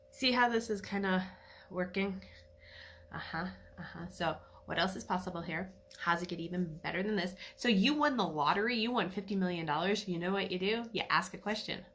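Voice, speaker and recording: Chatty low-voiced woman talking to camera. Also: moderate pace, a little hiss or hum. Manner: chatty, animated, laughs between phrases. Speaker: animal communicator. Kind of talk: casual solo talk to camera.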